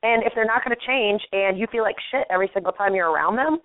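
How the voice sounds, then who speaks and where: A woman's voice: medium pitch, fast talker, no room sound. A woman speaking as a life coach guest in a casual interview, frank and emphatic. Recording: tinny phone-line audio, dry.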